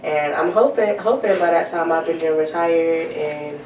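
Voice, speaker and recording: A woman's voice: sits low, steady tone, moderate pace. Blunt, slangy woman guest, recorded far off in an echoey room with audible hiss. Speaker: podcast guest, nail tech. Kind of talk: casual chat. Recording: roomy, distant mic, background hiss.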